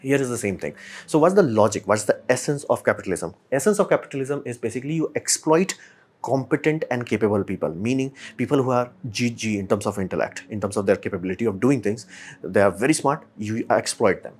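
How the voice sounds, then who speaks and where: Animated man. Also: medium pitch, quick pace, slightly rough. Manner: animated, emphatic, rhetorical questions, mock quotes. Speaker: podcast host. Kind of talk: casual solo commentary.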